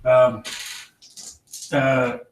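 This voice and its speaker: A man running a tabletop game as game master, narrating in a halting way full of fillers. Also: medium pitch, level tone. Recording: roomy, distant mic, faint noise.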